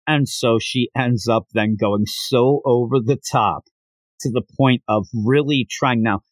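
A man's voice: medium pitch, unhurried, no echo. A man hosting a podcast, talking through a manga with enthusiasm and frequent laughs. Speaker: podcast host. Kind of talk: casual manga discussion.

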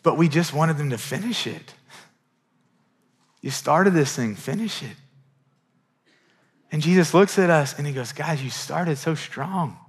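A man's voice: on the high side, animated, measured pace, pauses often. A middle-aged male pastor preaching a sermon in a conversational, earnest way, often repeating words as he builds a point.

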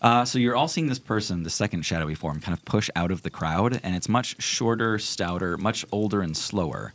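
A man running a tabletop role-playing game, describing the scene in a calm, steady narration. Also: deep voice, fairly quick. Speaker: game master. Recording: music bed behind.

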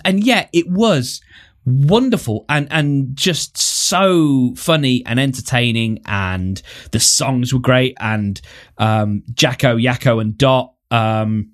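A man's voice: mid-range voice, takes it slowly. Enthusiastic, rambling male podcast host. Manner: enthusiastic, rambling with many fillers. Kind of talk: casual nostalgic chat.

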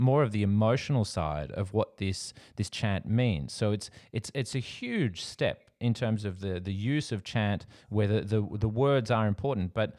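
A male host with a fairly low voice, leading a conversation about music. He stresses his points with admiring emphasis as he talks. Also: a little mellow. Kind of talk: conversational interview.

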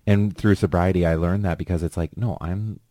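A man's voice: sits low, fairly even intonation, fairly quick, warm tone, dry recording. A man hosting a podcast, talking in an earnest, chatty way. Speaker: podcast host. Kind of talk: casual chat.

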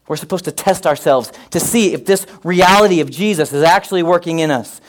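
A man preaching a sermon, mixing scripture with comic personal stories and getting loud and animated at times. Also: a little high, quick pace. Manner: animated, comic asides, rising to near-shouts. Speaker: pastor.

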